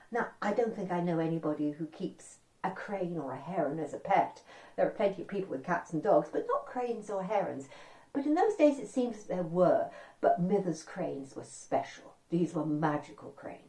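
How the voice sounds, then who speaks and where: A woman tells a folk tale to young listeners, her voice rising and falling in a lively way. She chats with them in asides. She is heard from some distance in an echoey room. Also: fairly low pitch. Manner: animated, chatty asides to listeners. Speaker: storyteller. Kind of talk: oral storytelling for children. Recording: echoey room, far from the mic.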